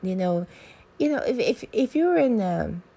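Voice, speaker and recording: Woman host, gravelly edge, candid rambling monologue with salty asides. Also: medium pitch, big pitch swings, unhurried, warm tone. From American South. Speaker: podcast host. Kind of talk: casual solo podcast monologue.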